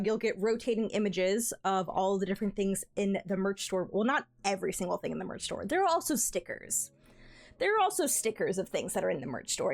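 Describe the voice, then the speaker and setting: An upbeat woman chats with her viewers from a home streaming desk. Her voice sits a little high and leaps around playfully, especially when she coos at her cats. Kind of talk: casual livestream chat.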